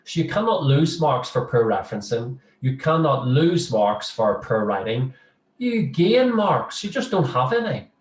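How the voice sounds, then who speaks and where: A man's voice: medium pitch, slight background noise. A middle-aged man, a social work lecturer, chatting humorously in an interview with many restarts. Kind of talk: casual interview chat. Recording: roomy, distant mic.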